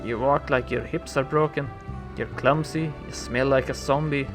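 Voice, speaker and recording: A man reading the lines of a prickly young tiefling woman in a role-playing game, speaking them louder and with blunt, folksy phrasing. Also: medium pitch, steady tone, normal speed, natural voice. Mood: flustered. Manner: blunt, folksy talk with a dropped "ya". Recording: game music playing behind.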